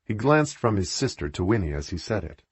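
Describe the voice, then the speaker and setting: A man narrating an audiobook with expressive, animated delivery. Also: fairly low pitch, fairly quick, husky, no echo.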